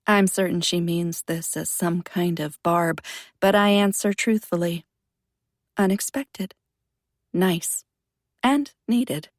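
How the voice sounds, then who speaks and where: Husky low-voiced woman narrating a thriller. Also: a little mellow, dry recording, studio quality. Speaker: audiobook narrator. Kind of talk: first-person thriller narration.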